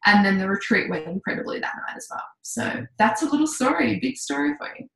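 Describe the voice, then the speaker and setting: A woman coach telling a candid personal story in a casual, lively way, with mild swearing. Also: medium pitch, fairly quick, gravelly, reverberant, low-quality recording. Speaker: intuitive coach, podcast guest.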